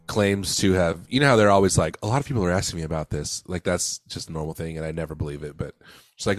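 Man, podcast host, low voice, dry close mic, casual rambling storyteller, laughs a lot. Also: fast, no echo, soft background music. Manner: laughs often, tells stories loosely. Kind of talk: casual chat.

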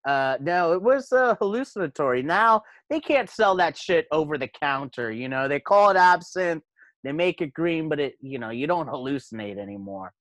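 A man's voice: on the high side, lively intonation, normal speed, gravelly, a bit bright, no room sound. A man guesting on a casual podcast chat, laid-back and teasing, slightly buzzed from beer. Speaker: guest, comic book writer.

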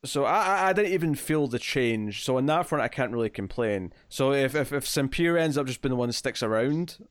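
A man's voice: medium pitch, animated, fairly quick, no room sound. A man co-hosting a casual podcast about comics, telling jokes and recapping plots at length. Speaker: podcast co-host. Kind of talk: casual comic book discussion.

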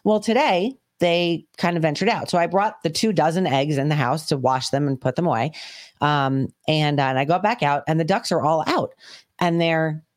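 A woman co-hosting a podcast, telling a story in casual chat, animated and swearing freely. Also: low voice, moderate pace. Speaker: podcast co-host.

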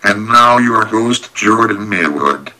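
A man putting on the voice of a grand male show announcer, announcing slowly and formally. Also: lowish voice, animated, pushed and bright, voice pushed down, exaggerated voice, rough recording. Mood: grandiose.

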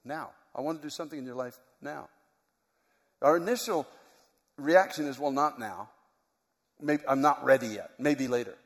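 A man preaching a sermon, moving from quiet, reflective teaching to loud, impassioned preaching. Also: medium pitch, normal speed, long pauses. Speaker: pastor. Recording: long hall reverb.

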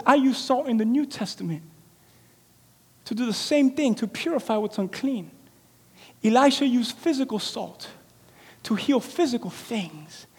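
A man preaching a sermon as pastor, swinging between loud cries and quiet asides, often dropping the word "man" into his talk. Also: very high voice, husky. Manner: repeats the filler word "man". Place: church sanctuary. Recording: long hall reverb with soft music.

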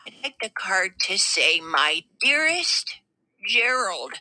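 Woman putting on an elderly lady caller, slow and sweet. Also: medium pitch, very animated, pushed and bright, heavily acted, rough recording. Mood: sweet, doting. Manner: slow, sweet, then saucy. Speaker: radio prank caller.

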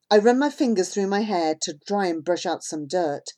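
A woman narrating an audiobook in an expressive, unhurried storytelling manner. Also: on the low side. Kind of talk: audiobook reading.

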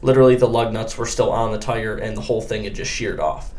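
A man's voice: lowish voice, quick pace. A young man from Michigan telling a story in a casual podcast chat, acting out the quotes of other people. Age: young adult. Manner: animated storyteller, acts out quotes. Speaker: guest angler.

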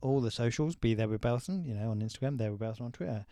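Teasing podcast co-host, dry sound. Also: male voice, medium pitch, expressive, fast, warm tone, no echo. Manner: teasing, jokey, rambling. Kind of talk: casual chat.

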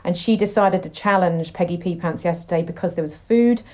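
A middle-aged woman chatting as a podcast guest, an animated storyteller. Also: lowish voice, fairly quick. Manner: chatty, animated storyteller, acts out her dogs' voices. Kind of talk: casual chat.

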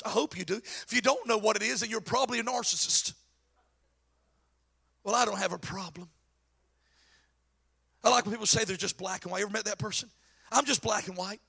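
A male pastor preaching a sermon. He drops to low asides, then shouts his points, and mocks the voices he quotes. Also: creaky, breathy edge. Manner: acts out quoted voices mockingly.

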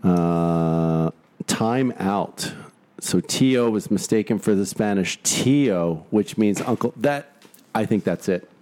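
A man with a fairly low voice hosts a casual, crude podcast chat. He reads facts aloud and riffs on them with coarse jokes. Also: expressive, slow pace, a little mellow. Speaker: podcast host.

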